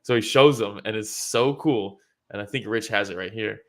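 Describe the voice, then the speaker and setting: A man co-hosting a relaxed podcast about fights. He talks excitedly, laughs a lot and acts out what the fighters said. He swears casually as he breaks down each moment. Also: lowish voice, normal speed. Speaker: podcast co-host.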